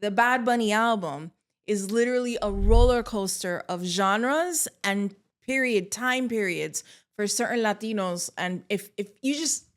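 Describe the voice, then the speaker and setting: A middle-aged woman from Miami, a guest on a podcast, chatting casually and playfully and breaking into loud comic bits. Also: mid-range voice, measured pace. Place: podcast studio.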